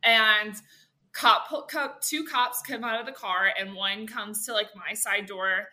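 A young woman, a podcast guest, telling an animated story in casual chat, full of filler words. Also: medium pitch, slow pace.

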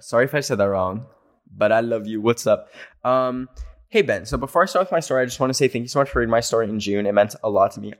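Brief: young male podcast host, rambling and jokey, reads listener stories at home. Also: mid-range voice. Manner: chatty, rambling, joking, lots of "like" fillers. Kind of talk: casual chat. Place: home, near a garage.

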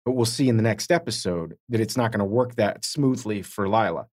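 A man co-hosting a podcast, chatting casually about a TV episode and breaking into quick impressions. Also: lowish voice. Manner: animated, jumps into quick impressions and laughs. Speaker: podcast co-host. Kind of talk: casual rewatch podcast chat.

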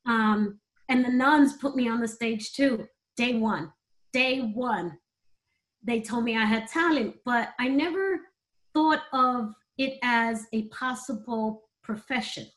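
A woman's voice: a little high, slow pace, a bit bright, low-quality recording. Middle-aged woman guest, candid and heartfelt, chatty storytelling. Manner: emotional, heartfelt, conversational. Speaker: guest, performer.

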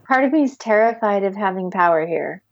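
A woman guiding a tapping session with calm step-by-step instructions, sighing deeply between phrases. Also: a little fast, no room sound, muffled recording. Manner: calm step-by-step instructions, leading group repetition. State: deep audible sighs and yawns between phrases. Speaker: tapping practitioner. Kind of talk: guided tapping session with breathing.

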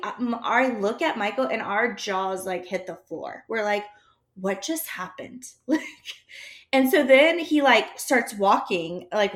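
Animated woman telling a story. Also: medium pitch. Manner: animated, acts out quoted dialogue, laughs between lines. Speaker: storyteller in a group chat. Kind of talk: casual storytelling.

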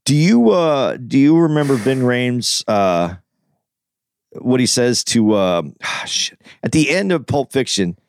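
A man's voice: mid-range voice, expressive, a little slow, no echo, clean studio sound. A man co-hosting a podcast, asking playful, probing questions in casual chat. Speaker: podcast co-host.

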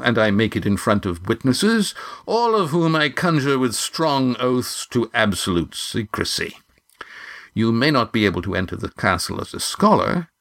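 A man's voice: mid-range voice, a bit bright. A man voicing a proud, dignified middle-aged painter who talks heartily, in a storybook reading.

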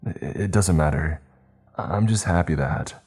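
A man's voice: deep voice, unhurried, darkish tone, slightly rough, faint music behind. A man voicing a shaken young man who talks in a panting, nervous way. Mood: anxious.

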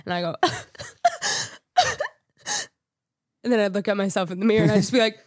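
A giggly young woman chatting casually with her family, poking fun at herself. Her voice sits at an ordinary middle pitch. The sound is dry and close, with no room echo. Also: steady tone, a little mellow. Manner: giggly, self-mocking, quick to laugh.

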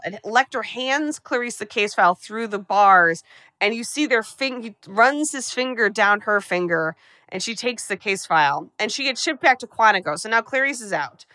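Bright-voiced woman rapidly recapping a film. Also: on the high side, dry recording. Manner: rapid, profane, breathless storytelling. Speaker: podcast host.

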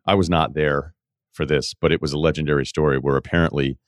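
A man hosting a podcast, chatting casually and telling stories in an animated, conversational way. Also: extremely low pitch, fast, no room sound, clean studio sound. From Vermont. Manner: conversational storytelling, animated quoting. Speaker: podcast host. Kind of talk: casual chat, reading listener emails.

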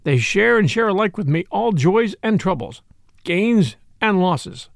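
A merry, shrewd outlaw chief, as a man puts him on in a storybook reading, full of quaint old-fashioned turns of phrase. The voice sits high and lively with a gravelly edge, heard dry and close. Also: a little slow, no room sound, heavily acted. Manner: archaic, courtly old-fashioned speech. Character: jolly bold male outlaw leader, merry and shrewd.

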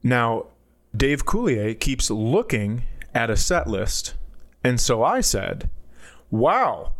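A man's voice: medium pitch, sing-song, takes it slowly. Guy comic spinning a long story on a podcast, medium voice, jumps way up for quotes. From United States. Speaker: podcast co-host, comedian. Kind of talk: casual storytelling chat.

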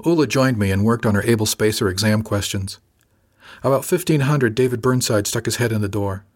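A man narrating a story in the first person, in a calm, dryly witty manner. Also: lowish voice, brisk. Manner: calm, dry wit. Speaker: audiobook narrator.

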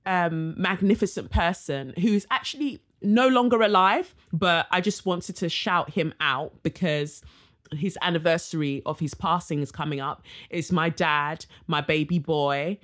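A young woman from Nigeria hosting a casual solo podcast, chatty and warm, full of slang and fillers. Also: on the low side. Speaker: podcast host.

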